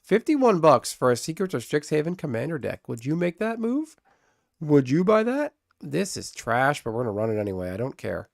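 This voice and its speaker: A man streaming a card game live, chatting casually with viewers, excitable and swearing freely. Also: on the high side, normal speed, vocal fry, no echo, studio quality.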